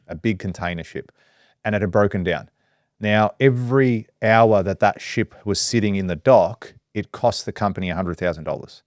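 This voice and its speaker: A man's voice: fairly low pitch, dry recording, studio quality. A man, hosting a casual podcast chat, telling stories with lots of swearing and acted-out quotes. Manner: animated storyteller, swears freely, acts out quotes. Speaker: podcast host.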